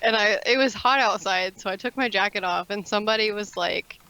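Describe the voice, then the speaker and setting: A woman's voice: medium pitch, a little fast, sharp tone, smooth, lo-fi sound. A young woman chatting casually on a stream, giggly and a little self-conscious as she tells her story. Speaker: stream guest. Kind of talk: casual chat on a live stream.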